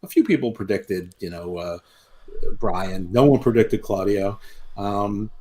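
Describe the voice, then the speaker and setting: A man's voice: on the low side, a little slow, dark tone. A man co-hosting a wrestling podcast, telling stories in a rambling, swearing way with many restarts. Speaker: podcast co-host. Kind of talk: casual wrestling recap chat.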